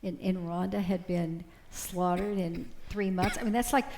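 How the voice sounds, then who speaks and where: An older American woman on a panel telling a personal story, halting and repeating words as she speaks. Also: fairly low pitch, fairly even intonation, a little mellow.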